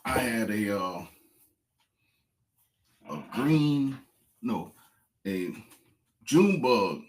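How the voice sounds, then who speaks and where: Slow-drawling man telling a fishing story. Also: medium pitch. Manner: excitable, repeats phrases, slow drawl. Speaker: fishing vlogger. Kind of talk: casual storytelling to viewers.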